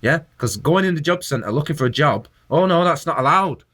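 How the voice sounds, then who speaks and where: A man's voice: a little high, expressive, a little fast, a bit bright. A man delivering an impassioned video rant, preaching at his viewers and firing rhetorical questions at them. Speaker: vlogger.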